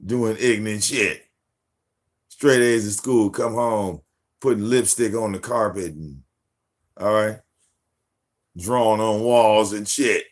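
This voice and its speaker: A man in his forties, host of a live stream, telling casual stories about his daughter in a profane, animated way, acting out what people said. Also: lowish voice, slow, long pauses. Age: 40s. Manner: profane, animated, acts out quotes. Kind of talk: casual storytelling.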